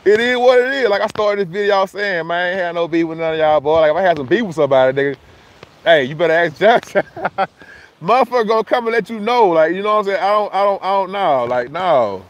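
A high-pitched man hosts a casual phone livestream outdoors, talking fast. Loose, profane and argumentative, he calls out viewers by name and keeps repeating his points.

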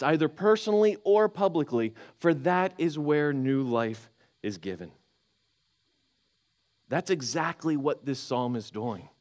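A man preaching a sermon as pastor, conversational and animated, acting out inner voices with frequent restarts. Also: on the high side. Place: church sanctuary.

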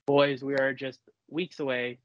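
A young man in his college years hosts a sports podcast in a casual, excitable way, pushing his opinions hard and often restarting mid-sentence. His voice sits at a medium pitch. The sound is dry and a little dull, like lo-fi home audio. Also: unhurried, no room sound. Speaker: podcast host.

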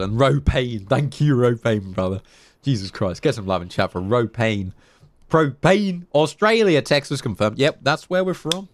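Lively English man streaming a game. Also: medium pitch, no echo. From England. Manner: chatty, thanks donors, swears casually. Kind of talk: live gameplay commentary.

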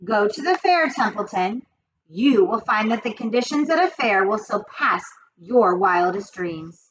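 A woman's voice: medium pitch, animated, a little slow, breathy edge, muffled recording. A woman voicing a wise old female sheep who lists things with relish. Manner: relishing, listing with gusto.

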